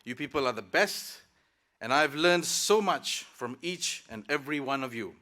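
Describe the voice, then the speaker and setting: A man's voice: mid-range voice, lively intonation, normal speed, pushed and bright. A man from Malaysia giving a reflective, lightly humorous graduation speech to his classmates at a ceremony. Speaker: graduating student speaker. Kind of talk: convocation speech. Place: ceremony hall.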